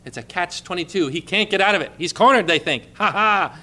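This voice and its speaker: A man preaching a sermon, emphatic, repeating key phrases and dropping to a hush for quoted lines. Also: high-pitched, expressive, a little fast.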